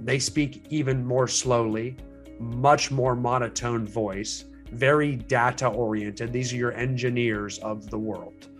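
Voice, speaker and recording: A man with an ordinary mid-range voice teaches a sales training session for real estate agents. He explains in a loose, conversational way, often restarting phrases and using fillers. Faint music sits behind him. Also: mid-range voice.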